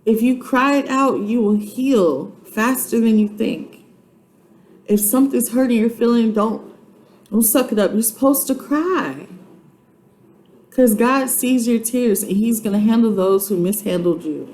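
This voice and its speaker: A woman's voice: on the high side, unhurried, darkish tone, low-quality recording. A woman in her twenties giving an earnest, faith-based motivational vlog, urging and repeating herself like a preacher. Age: 20s. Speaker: YouTube vlogger.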